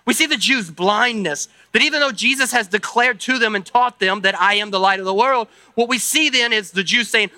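A man's voice: very high voice, a little fast, few pauses, pushed and bright, dry recording. A man preaching a sermon at a church service. He talks in a loose, conversational way, thinking aloud with asides and tag questions. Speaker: pastor.

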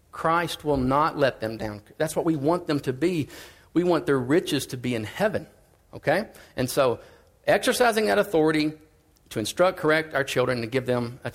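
A man preaching a sermon in a casual, conversational way, swinging between emphatic and quiet lines. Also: medium pitch.

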